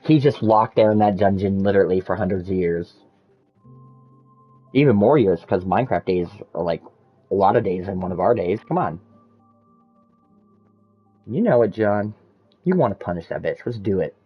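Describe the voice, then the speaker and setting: A man's voice: on the low side, lively intonation, normal speed, long pauses, breathy edge, highs cut off, soft background music. A man in casual chat, telling long rambling stories full of swearing. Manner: rambling, profane storytelling.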